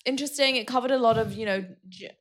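A woman's voice: on the high side, fast talker. A young woman guest on a podcast, chatting casually and laughing often. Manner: giggly, chatty. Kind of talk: casual chat.

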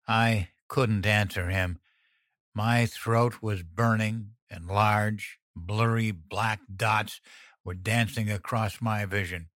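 A man reading a first-person horror story as an audiobook narrator, tense and measured. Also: fairly low pitch, steady tone, a bit bright, no room sound, studio quality.

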